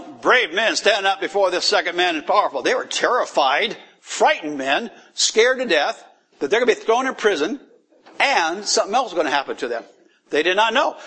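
High-voiced man teaching scripture. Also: husky. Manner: animated, asks the audience questions, acts out quoted lines, laughs often. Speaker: Bible teacher. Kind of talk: casual sermon teaching.

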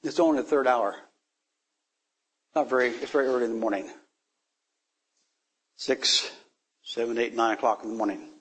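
A man's voice: medium pitch, normal speed, long pauses, breathy edge. A man leading a casual Bible study, talking things through, reading verses aloud and joking with the group. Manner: animated, laughing, reads verses aloud.

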